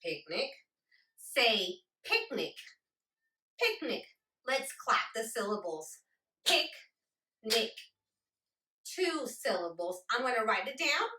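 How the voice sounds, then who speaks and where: A woman literacy teacher walks children through a phonics lesson and carefully sounds out each word. Her voice is bright and lively, moving up and down a lot. It has a roomy echo and sits away from the microphone. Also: a little high. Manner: slow, deliberate, sounds out words. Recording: roomy echo, distant from mic.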